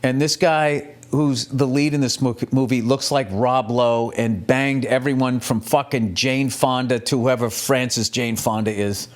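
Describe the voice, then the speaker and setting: A middle-aged male comedian rambling through a casual, profane monologue, telling stories in an animated way. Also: mid-range voice, a little slow, hardly any pauses. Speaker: comedian, podcast host.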